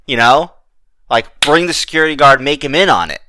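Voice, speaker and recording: A man's voice: on the high side, expressive, brisk, sharp tone, slight background noise. A man hosting a wrestling podcast, chatting casually with plenty of restarts. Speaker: podcast host. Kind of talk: casual chat.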